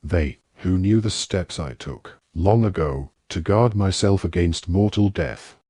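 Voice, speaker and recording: A man doing a cold, quiet dark lord. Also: low-pitched, unhurried, slightly rough, dry recording, clean studio sound. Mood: menacing. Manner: quiet, soft-spoken menace.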